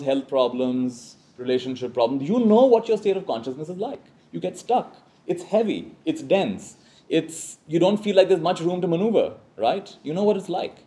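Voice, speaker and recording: Mellow man giving a spiritual talk. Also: fairly high pitch. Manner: reflective, leads call-and-response, often adds "right?". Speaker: spiritual teacher. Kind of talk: spiritual talk to a live audience.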